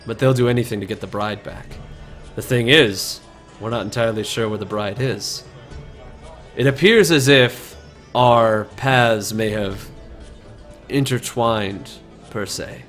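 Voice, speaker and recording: A man's voice: fairly low pitch, a little slow, pauses often, soft background music. A man voicing a suave, charming male paladin investigator who speaks courteously in a tabletop game. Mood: smooth. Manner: smooth, courteous, flattering.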